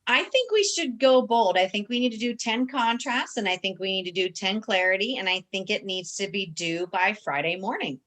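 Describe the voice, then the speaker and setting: A woman's voice: medium pitch, animated, moderate pace, few pauses, a bit bright. A woman presenting on a team video call, bubbly and joking as she gives the homework. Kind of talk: casual chat on a video call.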